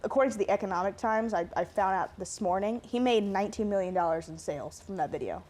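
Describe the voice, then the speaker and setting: A woman's voice: mid-range voice, quick pace, darkish tone. A young woman co-anchoring a student campus show, chatting casually and agreeing enthusiastically. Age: young adult. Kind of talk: casual chat.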